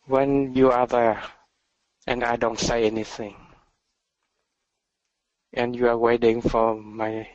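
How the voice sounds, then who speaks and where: Soft-spoken slow meditation teacher, man. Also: mid-range voice, little pitch movement, dry recording, highs cut off. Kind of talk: dharma talk.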